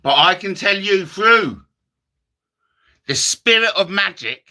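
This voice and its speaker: A man's voice: high-pitched, expressive, slow pace, pauses often, bright, forceful tone. A man doing comic card-trick patter as a magician, self-mocking and chatty with the audience. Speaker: comedy magician.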